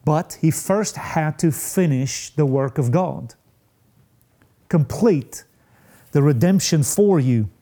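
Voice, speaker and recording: A man preaching a sermon, slow and emphatic, with dramatic pauses and rising peaks. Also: on the high side, animated, mellow.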